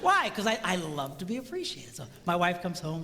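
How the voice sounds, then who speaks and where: A middle-aged man delivers a comedic talk to a live audience, jumping between acted-out voices and banter with the crowd. His voice is high and bright. It carries a long hall reverb with faint room noise behind it. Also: fast, hardly any pauses. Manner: animated, acts out voices, jokes with crowd. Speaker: speaker on marriage.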